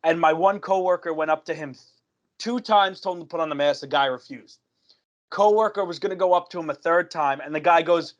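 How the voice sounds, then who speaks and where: A young man with a somewhat high voice chats casually on a podcast. He tells a long story with energy and acts out each person's lines as he goes. The talk is loose and conversational. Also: fairly quick. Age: young adult. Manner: animated storyteller who acts out quoted dialogue. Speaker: podcast co-host telling a work story.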